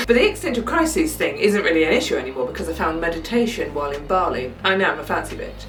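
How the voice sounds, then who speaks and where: A woman, doing a self-mocking comic monologue with wry deadpan asides. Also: sits low, quick pace, music in the background. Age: 30s. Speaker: comedian. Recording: roomy sound, mic at a distance.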